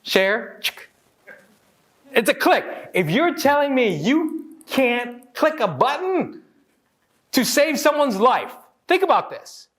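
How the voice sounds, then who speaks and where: A man in his forties from Hawaii giving a lively motivational talk, joking with the audience and acting out quotes. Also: very high voice, slow. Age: 40s. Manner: animated, joking, acts out quotes. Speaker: motivational speaker.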